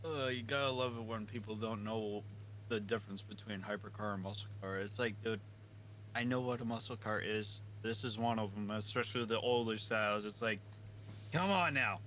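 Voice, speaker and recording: A man's voice: lowish voice, steady tone, fairly quick, fairly bright tone, a little hiss or hum. A man in a casual podcast chat who laughs often and swears. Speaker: podcast co-host.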